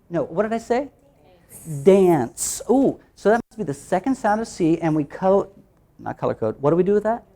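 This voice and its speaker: Give me an animated male teacher trainer who chants repeated drill steps and asks questions only to answer them himself. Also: sits high. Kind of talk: teacher workshop presentation.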